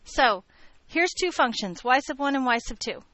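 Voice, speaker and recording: A woman's voice: high voice, animated, moderate pace, sharp tone, no room sound, lo-fi sound. A woman teaching a math class, joking with her students as she lectures.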